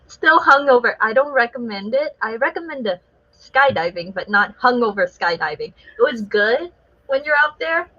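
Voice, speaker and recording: A woman with a bright, somewhat high voice chats casually as a guest artist, laughing often as she tells her story. The sound is muffled and lo-fi, like a dull online call. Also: lively intonation, moderate pace.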